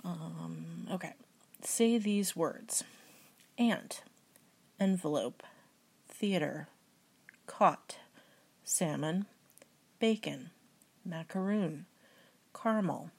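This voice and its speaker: A young woman with a Midwestern US accent, talking in a hushed, often half-whispered way with many hesitations, reading aloud and working through a word list. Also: lowish voice, very slow, vocal fry, pauses often, husky. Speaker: video host. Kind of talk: soft-spoken accent tag and book reading.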